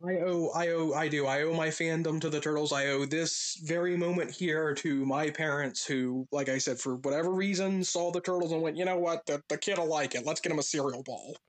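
A man's voice: fairly high pitch, brisk, hardly any pauses. A young adult man co-hosting a casual podcast, telling personal stories animatedly and acting out the people he quotes. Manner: animated storyteller, acts out quoted voices. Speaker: podcast co-host.

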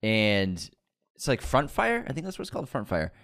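A man's voice: lowish voice, wildly swooping pitch, moderate pace, a bit bright. A man, co-hosting a casual movie news podcast, joking and laughing often. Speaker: podcast co-host.

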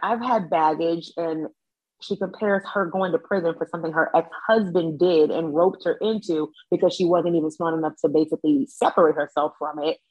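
A woman's voice: deep voice, fairly even intonation, fairly quick, a little mellow, breathy edge, poor audio. A woman guesting on a podcast, chatting casually in a blunt, sassy way and often acting out what others said. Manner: sassy, blunt, quotes people in mock voices. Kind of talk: casual chat.

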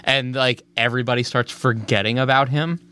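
A young man co-hosts a podcast, telling stories in a rambling way. He leans on fillers and swears casually. His voice sits at an ordinary pitch for a man. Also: fairly even intonation, fairly quick, sharp tone, clear, resonant tone. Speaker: podcast co-host. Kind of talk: casual chat.

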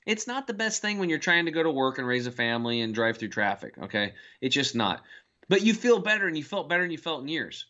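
A man's voice: fairly high pitch, very animated, fast, sharp tone. A man, a health guest in a casual interview, telling stories and acting out the voices of people he quotes. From United States. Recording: dull lo-fi sound.

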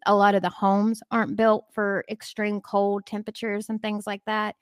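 A woman's voice: medium pitch, completely flat delivery, moderate pace, dry recording. A woman talks casually, her voice nasal and stuffed up from congestion. The sound is dry and close, with no room around it. She rambles through her explanations in an easy, chatty way. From Memphis, southern US. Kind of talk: casual chat.

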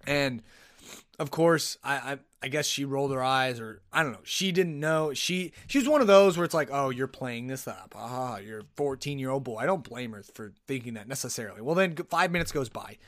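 A man hosting a podcast, telling rambling, animated stories and often cutting himself off. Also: medium pitch, a little fast, no echo, studio quality. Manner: rambling, animated, self-interrupting. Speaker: podcast host. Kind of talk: casual solo podcast storytelling. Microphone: podcast microphone.

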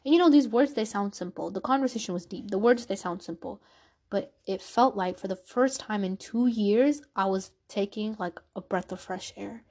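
A woman's voice: medium pitch, normal speed, darkish tone. A woman hosting a podcast, telling a personal story in an earnest, confessional way and acting out the conversations she recalls. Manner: earnest, confessional, reenacts dialogue. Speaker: podcast host.

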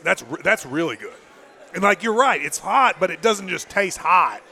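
A man's voice: high-pitched, very animated, moderate pace, vocal fry, bright, forceful tone. A man co-hosting a podcast in casual chat, laughing and chatty, with the hiccups from hot sauce. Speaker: podcast co-host.

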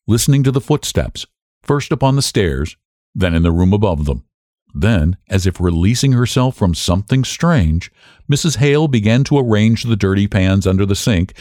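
A man narrating a story as an audiobook reader, measured and expressive. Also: mid-range voice, no room sound, studio quality. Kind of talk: scripted narration.

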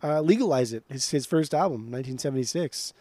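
A young man talks in a casual chat with a mellow, warm tone and a dry, close sound. He is blunt and swears freely, often stumbling over repeated words as he starts a sentence. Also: medium pitch, lively intonation, fast talker, no echo. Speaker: podcast co-host.

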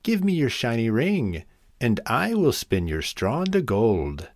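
A man's voice: medium pitch, very animated, unhurried, dry recording, studio quality. A man doing a sly strange little man.

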